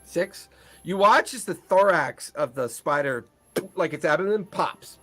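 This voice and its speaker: A man's voice: a little high, lively intonation, unhurried, pushed and bright. A man narrating a tabletop game as game master, loose and laughing often.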